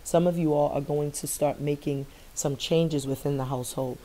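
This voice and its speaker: Low, flat-voiced woman tarot reader. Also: normal speed. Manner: earnest, affirming, repeats phrases for emphasis. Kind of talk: spiritual tarot reading.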